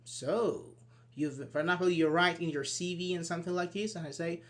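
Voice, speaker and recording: A man giving an online English grammar lesson, explaining step by step and acting out short sample dialogues. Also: brisk. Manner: explains with many "for example"s and acted-out sample dialogues; lively, switches pitch when voicing example sentences. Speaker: English teacher.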